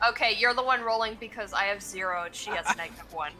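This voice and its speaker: A woman's voice: mid-range voice, quick pace, over a noisy crowd, poor audio. A woman playing a tabletop game, dry and blunt. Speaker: player.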